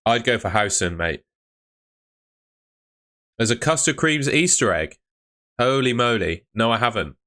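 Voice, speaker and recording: A man's voice: mid-range voice, expressive, a little slow, long pauses, sharp tone. A man hosting a casual live stream, chatting and answering viewers' questions, often calling them mate.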